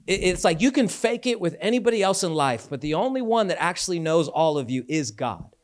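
A man preaching a sermon as a pastor, talking in a conversational, animated way with casual asides. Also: high-pitched, a little fast.

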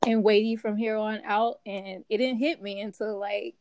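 A woman's voice: medium pitch, flat delivery, normal speed, a little mellow, dry recording. A woman co-hosting a casual Bible study podcast, talking casually with slang and fillers, recorded remotely on her phone. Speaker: podcast co-host. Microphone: phone app, remote recording.

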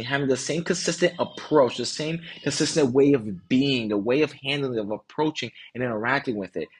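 Husky-voiced man coaching on dating. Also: fairly low pitch. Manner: earnest, repetitive, direct address to listener. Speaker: dating coach, podcast host. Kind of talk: motivational podcast monologue.

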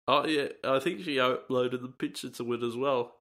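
A man's voice: medium pitch, fairly even intonation, normal speed, hardly any pauses, a bit bright. An Australian man hosting a comedic podcast, ranting in a sweary, sarcastic and rambling way. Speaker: podcast host.

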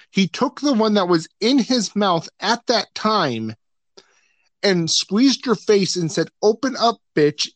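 A man's voice: high voice, dry recording. A man hosting a casual chat, retelling a film shoot and acting out what others said, often laughing. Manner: retelling events with quoted voices, laughing.

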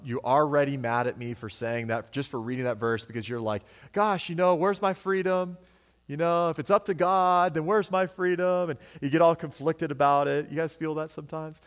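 A man preaching a sermon as pastor in a conversational, animated way, often acting out what people say. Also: mid-range voice. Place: church sanctuary. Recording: long hall reverb.

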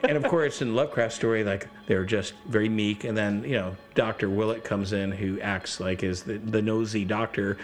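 A man's voice: on the low side, steady tone, normal speed, hardly any pauses, soft background music. A middle-aged man chatting casually as a podcast guest, rambling through gaming stories and acting out quotes. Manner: rambling storyteller, acts out quotes. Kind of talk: casual chat.

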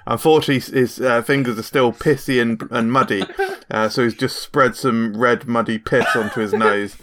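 A man's voice: medium pitch, fairly even intonation, normal speed, noisy background. A man playing a tabletop role-playing game, talking in a rambling, hesitant way. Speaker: player. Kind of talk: in-character tabletop role-play.

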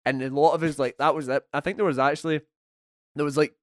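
A man's voice: fairly high pitch, steady tone, quick pace, no echo, studio quality. A young man with a Scottish accent from Kilmarnock, chatting casually about gaming, full of "like" and laughter. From Kilmarnock, Scotland. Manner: chatty, heavy filler "like", laughs often. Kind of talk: casual chat.

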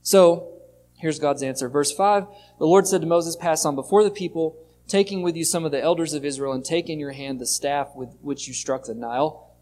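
A male pastor with a fairly high voice preaches a sermon in an easy, conversational way. He reads passages aloud and then talks them through with the congregation. A faint hum sits under the recording. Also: a little fast, darkish tone.

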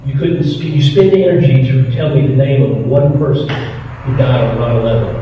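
A man's voice: mid-range voice, normal speed, slight background noise. A middle-aged man with a Southern American accent, telling stories to a live audience as a retired firefighter, earnest and acting out the voices he quotes. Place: firehouse hall. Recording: distant, echoey, dull hall recording.

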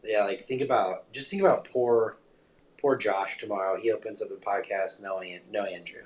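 A man joining a casual podcast chat over a video call, joking and quick to laugh and agree. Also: lowish voice, fairly even intonation.

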